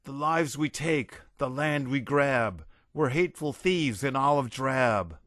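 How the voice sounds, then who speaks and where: A man's voice: mid-range voice, animated, slow pace, fairly bright tone, no room sound, studio quality. A man voicing a blustering, raving army general who bellows and rants. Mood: ranting verse. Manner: bellowing, ranting, unhinged.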